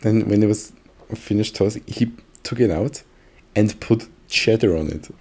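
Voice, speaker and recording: A man with a somewhat low voice co-hosts a casual podcast. He tells his stories loosely, stopping often for fillers and breaking into laughs. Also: normal speed, a little mellow. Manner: laughing, storytelling with many fillers. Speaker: podcast co-host. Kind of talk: casual chat.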